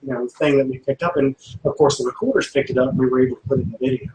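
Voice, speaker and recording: This man talks loosely and circles back often, filling gaps with ums and repeated words. His voice sits at an ordinary pitch. It carries a roomy echo over a faint hiss. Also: steady tone, very fast, darkish tone. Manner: rambling, many fillers and restarts. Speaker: paranormal investigator guest. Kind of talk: casual chat.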